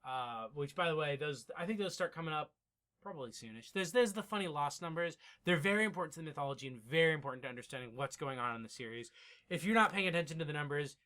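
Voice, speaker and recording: Bright-voiced man recapping a show. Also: on the high side, animated. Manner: rambling, swears, acts out scenes in quick impressions. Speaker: podcast co-host. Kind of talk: casual podcast recap chat.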